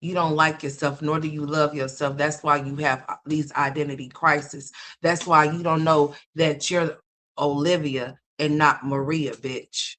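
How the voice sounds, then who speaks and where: Speaking a little slowly in a sharp tone with little pitch movement, this mid-pitched voice delivers unscripted gossip commentary full of swearing. It rambles and scolds the listener head-on, repeating the same words over and over for emphasis.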